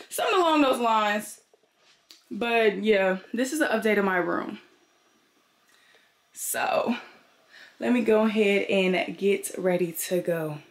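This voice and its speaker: Woman, casual vlog chatter, talks straight to viewers, mid-range voice, recorded at home in her bedroom. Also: mid-range voice. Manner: chatty, addresses viewers as y'all. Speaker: vlogger. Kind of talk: casual vlog chat to camera.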